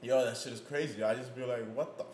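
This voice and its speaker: A young man in casual chat, talking in emphatic slang and laughing loudly. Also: mid-range voice, fairly even intonation, quick pace. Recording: echoey room, faint noise.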